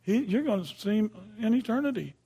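A man's voice: high voice, expressive, fairly quick, warm tone, breathy edge. An older man preaching a sermon in a folksy, conversational way, often checking in with his listeners.

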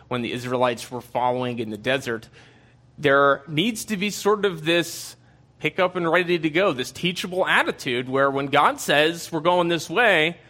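Bright-voiced man teaching from the Bible. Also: mid-range voice. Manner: conversational, with frequent fillers and asides.

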